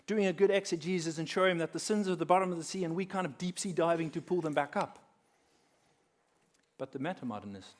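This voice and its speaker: Measured male speaker telling stories. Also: on the high side. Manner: measured storyteller who drops quiet and slows for effect. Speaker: conference speaker. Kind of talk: talk on faith woven with storytelling.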